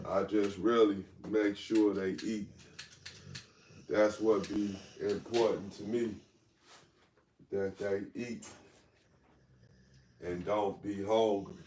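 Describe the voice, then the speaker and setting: A man's voice: fairly low pitch, level tone, darkish tone, slight background noise. A man who breeds dogs, talking casually and unhurriedly on a livestream while he is outdoors with his dogs. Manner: laid-back, unhurried street talk. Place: outdoors at his dog kennels.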